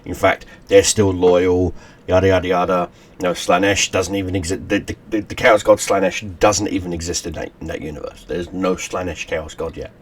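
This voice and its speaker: A man's voice: deep voice, steady tone, normal speed, slight background noise. A man hosting his channel, casually retelling a story he wrote, rambling with many restarts and fillers. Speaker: channel host. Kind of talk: casual story recap to camera.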